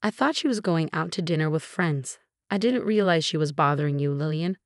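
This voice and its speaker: A woman's voice: sits low, lively intonation, a little fast, no room sound, studio quality. A woman voicing a polite older father-in-law who apologizes sincerely. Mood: apologetic.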